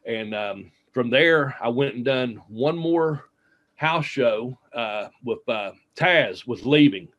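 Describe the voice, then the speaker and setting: A man's voice: medium pitch, expressive, takes it slowly, fairly bright tone, lo-fi sound. Male interview guest, casual storyteller, mid-range voice, loose and chatty with frequent fillers. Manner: rambling anecdotes with many fillers and quoted dialogue. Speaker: interview guest, former wrestler.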